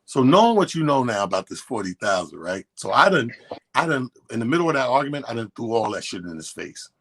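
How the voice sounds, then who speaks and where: A husky-voiced man tells a long story on a radio show, loose and profane. He acts out both sides of an old argument as he goes. His pitch sits in a middle range. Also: very animated, fast, a bit bright. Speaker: radio co-host. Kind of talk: casual storytelling chat. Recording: radio studio.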